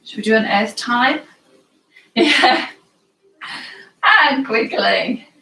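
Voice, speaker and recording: A yoga teacher from the United Kingdom talks her class through each stretch and breath, her slightly high voice moving slowly and warmly encouraging. She laughs easily and drops to soft cues for the breathing. The sound is roomy and caught from some distance, with faint ambience underneath. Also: creaky. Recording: roomy sound from away from the mic.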